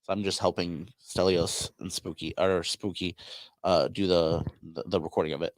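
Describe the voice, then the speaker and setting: A man's voice: low voice, fairly even intonation, moderate pace, dry recording. A man hosting a podcast, telling a rambling casual story and acting out what people said. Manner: rambling anecdote with acted-out quotes. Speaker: podcast host.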